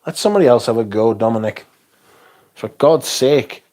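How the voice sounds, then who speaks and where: A man hosting a casual livestream, chatting and answering viewers in an animated, exclamatory way and swearing freely. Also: mid-range voice, normal speed. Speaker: livestream host. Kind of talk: casual livestream chat, reading viewer comments.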